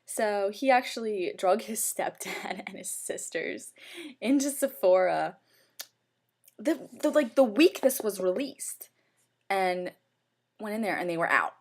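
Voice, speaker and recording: A young woman, chatting at a middle pitch. She gushes about her makeup in a casual review and scatters "like" through her talk. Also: animated, measured pace, a little mellow. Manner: gushing, chatty, heavy use of "like". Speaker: beauty vlogger.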